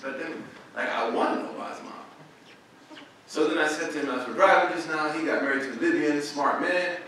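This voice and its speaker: In a university lecture room, a guest imam from Oklahoma, USA, gives a casual, slangy storytelling lecture, acting out other people's lines. His voice is highish, brisk, and sharp. The very echoey hall is recorded with a far-off mic and slight background noise.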